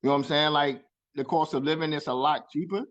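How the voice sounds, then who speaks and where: Fast-talking new man on a call. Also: fairly high pitch, dry recording, highs cut off. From New York. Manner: relaxed, peppered with "you know what I'm saying". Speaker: guest. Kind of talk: casual chat.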